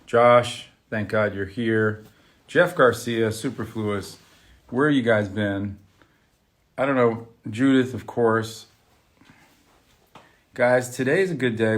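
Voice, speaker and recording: A man's voice: lowish voice, a little slow, gravelly. A man hosting an art talk show on a live stream, chatting casually and greeting viewers by name. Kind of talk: casual livestream chat. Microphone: webcam on a live video stream.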